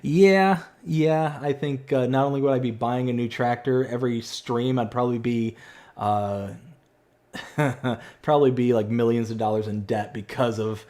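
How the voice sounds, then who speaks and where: Chatty excitable man streaming a game. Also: mid-range voice, moderate pace. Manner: chatty, excitable, reads chat aloud. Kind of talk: live stream chat while playing.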